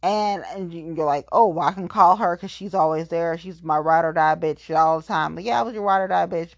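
A woman venting in a casual, profane monologue, with sudden jumps up in pitch when she gets heated. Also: a little fast, hardly any pauses, dry recording, studio quality.

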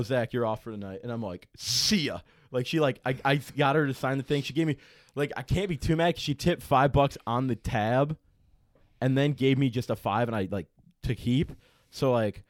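A man's voice: medium pitch, no echo, clean studio sound. A young man casually telling a rambling, profanity-laden story as a podcast co-host, with many restarts. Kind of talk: casual chat.

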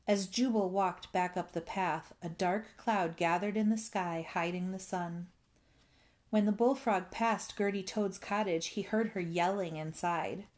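A woman reading a children's storybook aloud in a gentle storytelling manner. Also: lowish voice, fairly even intonation, a little slow. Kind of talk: scripted narration.

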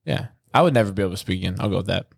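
A married young man in casual podcast banter, talking deadpan. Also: low voice, very fast, gravelly, breathy edge, dry recording, studio quality. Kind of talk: casual banter among friends.

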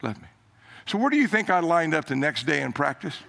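An older man preaches a sermon as a story. His voice sits high and bright, climbing on emphatic lines and dropping low and soft when he quotes others. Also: big pitch swings, fast, gravelly, a little hiss or hum.

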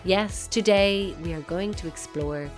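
A woman's voice: medium pitch, measured pace, over music. A woman with an Irish accent hosting a comedic podcast from her bedroom, wry and mock-indignant. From Ireland. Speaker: podcast host. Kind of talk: scripted comedic podcast monologue. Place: bedroom at home.

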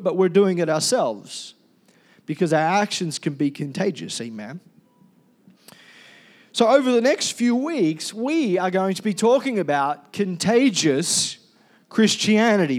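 A pastor delivers an animated sermon, urging his congregation to respond. His voice sits high.

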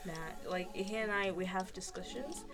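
Brief: woman in her 20s, expressive chatty co-host, music under the voice. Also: normal speed. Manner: animated, acts out quotes with big pitch swings. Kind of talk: casual chat.

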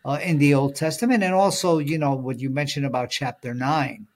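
On a casual Bible study podcast, a male co-host with a medium-pitched voice talks fairly quickly, reflecting carefully with many filler words and reading passages of scripture aloud.

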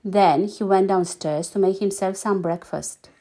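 A woman reading a children's story aloud, lively and animated, giggling now and then. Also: mid-range voice, measured pace.

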